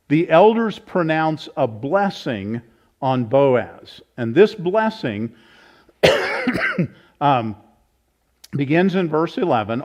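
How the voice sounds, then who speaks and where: A man's voice: a little high, a little mellow. Male pastor, casual Bible study teacher, chatty and self-correcting, somewhat muffled church recording. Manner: informal, thinks aloud, self-corrects. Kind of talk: conversational Bible teaching with audience questions. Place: church meeting room. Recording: slightly dull, lo-fi.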